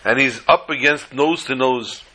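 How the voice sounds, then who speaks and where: A man and religious teacher, telling humorous stories in a sermon with lively delivery. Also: mid-range voice, a little slow, poor audio. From United States. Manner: animated storyteller, shifts between voices. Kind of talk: storytelling sermon with jokes.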